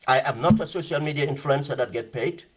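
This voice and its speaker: A man's voice: mid-range voice, fast, breathy edge. A man giving emphatic, impassioned political commentary, repeating phrases for stress. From Gambia.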